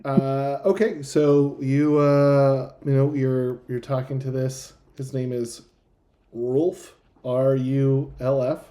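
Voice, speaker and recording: Male game master, easygoing, halting delivery, medium pitch. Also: little pitch movement, dark tone. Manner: laid-back, hesitant, many fillers and restarts. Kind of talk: narrating a tabletop game.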